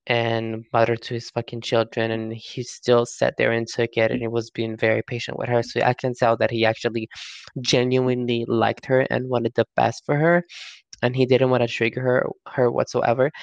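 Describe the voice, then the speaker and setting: A man's voice: mid-range voice, no echo. A man co-hosting a casual gossip commentary, chatty and profane with sassy slang.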